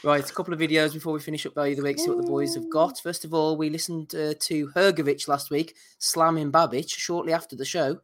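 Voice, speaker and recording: A man's voice: a little high, expressive, fast talker, hardly any pauses. A man hosting a boxing podcast, teasing his co-hosts and introducing clips. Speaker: podcast host. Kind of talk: casual banter, introducing clips.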